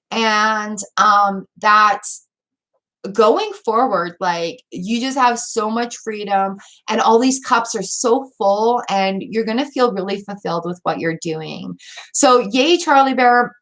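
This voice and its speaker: Woman tarot reader, slightly higher voice, gushing and teary, addresses viewers directly over a webcam mic. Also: lively intonation, a little slow, fairly bright tone. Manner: gushing, emotional, talks straight to viewers. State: teary, weepy. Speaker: tarot reader hosting a livestream. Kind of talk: live tarot reading chat.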